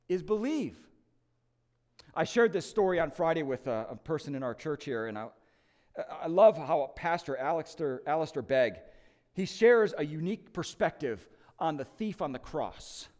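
Emphatic, high-pitched male preacher. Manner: emphatic, swinging from loud to hushed. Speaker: lead pastor. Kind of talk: Easter sermon. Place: church.

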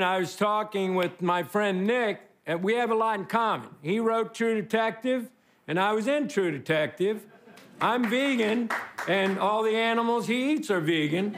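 A man giving a rambling, self-mocking comedic monologue before a live audience, often laughing as he talks. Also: high-pitched. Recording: archive clip with loud audience and noise.

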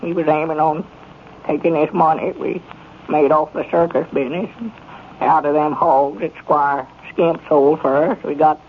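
Fretful country storekeeper, played by a man, rural Arkansas drawl, high voice, halting speech, muffled 1930s radio play. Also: fairly even intonation, lightly acted. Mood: worried. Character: worried, simple-hearted country storekeeper, male. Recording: muffled 1930s radio broadcast with faint hiss.

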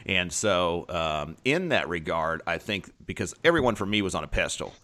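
A man's voice: low voice, animated, normal speed, sharp tone. A man co-hosting a casual podcast chat, talking in a reflective way and laughing easily. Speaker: podcast co-host.

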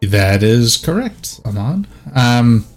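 A man running a tabletop game as game master, narrating haltingly with many pauses and fillers. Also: medium pitch, big pitch swings, soft background music.

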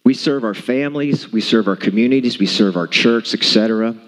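A man's voice: mid-range voice, a little fast. A man preaching a sermon to a congregation, emphatic and repeating his key points. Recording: long hall reverb.

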